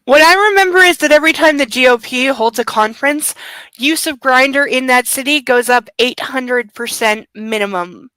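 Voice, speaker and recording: A woman's voice: sits high, moderate pace, a bit bright, clean tone, dry recording, rough recording. A woman hosting a book club livestream, talking in a blunt, profane, emphatic way. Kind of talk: casual livestream commentary.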